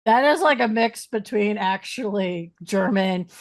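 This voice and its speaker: Woman player at the game table, casual and teasing, mid-pitched. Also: lively intonation, measured pace.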